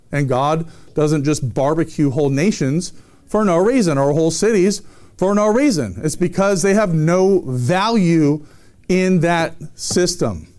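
A man's voice: a little high, a little mellow. A man preaching a sermon, reading scripture and then commenting on it in an emphatic, conversational way with frequent restarts.

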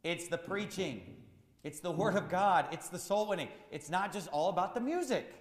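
A man's voice: sits high, expressive, normal speed, reverberant, in a large hall. A man preaching a sermon as pastor, firing rhetorical questions in a repetitive, emphatic cadence.

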